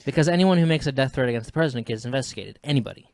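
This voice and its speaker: A man's voice: mid-range voice, expressive, very fast, vocal fry, darkish tone, no room sound. Matter-of-fact man, dry close sound. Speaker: podcast co-host. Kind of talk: casual chat.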